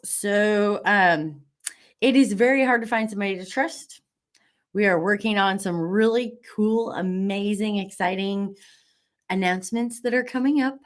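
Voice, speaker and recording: A woman hosting a live online class, bubbly and encouraging, reading out viewer comments with lots of fillers. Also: medium pitch.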